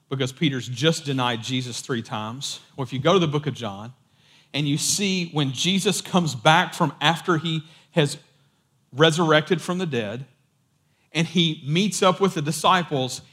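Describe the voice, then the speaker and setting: A man preaching a sermon in a casual, animated storytelling way. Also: medium pitch.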